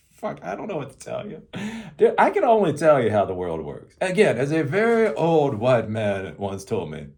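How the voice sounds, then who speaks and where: A man's voice: medium pitch, wildly swooping pitch, normal speed, a little mellow. A man hosting a casual rant, rambling, swearing freely and often laughing. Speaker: host.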